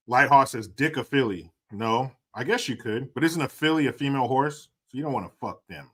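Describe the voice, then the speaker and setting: Guy streaming and reading chat, crude jokes and cussing, bright sharp voice. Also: medium pitch, moderate pace. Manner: crude, joking, swearing. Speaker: livestream host reading chat. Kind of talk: casual livestream chat. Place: indoors, cold room.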